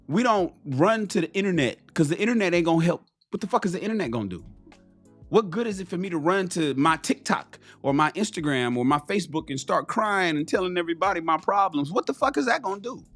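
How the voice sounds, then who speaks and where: A man's voice: fairly high pitch, lively intonation, brisk, fairly bright tone, soft background music. A man ranting bluntly and profanely on a casual live stream, preaching to his viewers.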